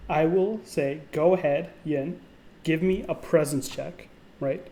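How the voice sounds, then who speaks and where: A man runs a tabletop role-playing game as game master, with a slightly high voice. He narrates casually, rambling through fillers. A faint hum sits behind him. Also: slow pace, warm tone.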